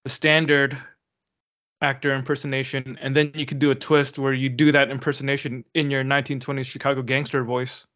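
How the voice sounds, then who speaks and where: A man's voice: medium pitch, little pitch movement, fairly quick, fairly bright tone, lo-fi sound. A man co-hosting a casual comics podcast, joking and teasing his partner in friendly banter. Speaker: podcast co-host. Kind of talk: casual chat.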